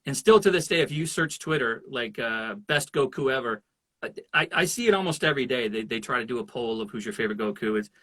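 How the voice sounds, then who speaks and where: Male voice actor guest, bright animated storyteller. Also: mid-range voice, fast talker, no room sound. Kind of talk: casual interview chat.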